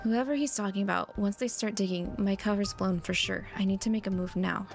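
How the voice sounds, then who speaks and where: A young woman streamer reads a story game aloud and chats casually with her viewers, often stopping to restart her words. Her mid-pitched voice carries a gravelly fry. Faint game music sits behind her. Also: fairly even intonation, a little fast. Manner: chatty, chatting to viewers, with frequent restarts. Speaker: VTuber streamer.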